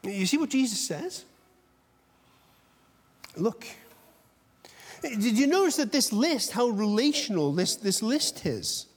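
A male pastor giving an intense, animated sermon, shifting between loud outbursts and soft whispered asides. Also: high-pitched, slow, pauses often, husky. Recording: long echo of a large hall.

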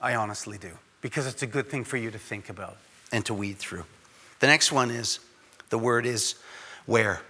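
A man's voice: lowish voice, normal speed, sharp tone, breathy edge, in a large hall. A man preaching a sermon in a conversational way, acting out the voices of the people he quotes. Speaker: pastor.

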